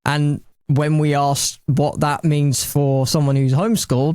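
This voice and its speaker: A man's voice: a little high, level tone, unhurried, a little mellow, clear, resonant tone, no echo. A young man chatting casually on a podcast with a dry, self-mocking humor. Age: young adult. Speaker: radio station colleague. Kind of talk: casual chat.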